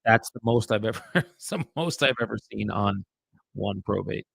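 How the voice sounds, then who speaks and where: Gravelly-voiced man chatting on a live stream. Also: on the low side, expressive, normal speed, fairly bright tone. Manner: chatty and offhand, muttering asides to viewers. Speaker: real estate agent. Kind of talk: live-streamed cold calling with commentary.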